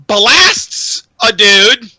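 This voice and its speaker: A young man co-hosting a podcast, ranting casually about a film with an animated, profane delivery and lots of "um"s. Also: high voice, very slow, no room sound, rough recording. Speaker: podcast co-host. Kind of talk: casual chat, film rant.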